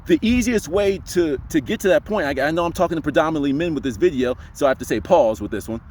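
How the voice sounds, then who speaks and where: A young man giving casual voice advice to camera, emphatic and full of rhetorical questions, sometimes dropping into a deep voice to demonstrate. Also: lively intonation, fast, a little mellow, slight background noise. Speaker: voice coach vlogger.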